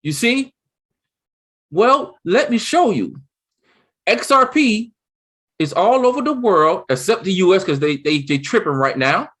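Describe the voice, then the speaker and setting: A man co-hosting a casual chat, talking excitedly and rambling, with many restarts. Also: sits high, measured pace, pauses often, slightly rough. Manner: excited, rambling, with lots of restarts and "you see what I'm saying". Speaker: co-host.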